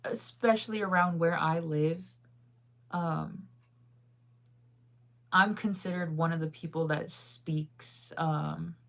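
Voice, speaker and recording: A woman's voice: sits low, fairly even intonation, slow pace, gravelly, long pauses, a bit bright. A woman in her thirties with a faint Midwestern American accent, chatting casually with viewers in a rambling way, full of fillers and laughter. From United States. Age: 30s. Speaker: streamer answering viewer chat. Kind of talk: casual chat.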